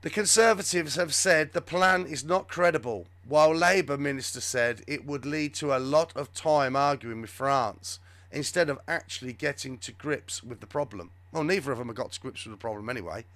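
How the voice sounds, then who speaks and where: A man's voice: mid-range voice, moderate pace, fairly bright tone, no echo. A man hosting a live show, giving rambling, sarcastic, off-the-cuff commentary on the news. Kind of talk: live political commentary chat.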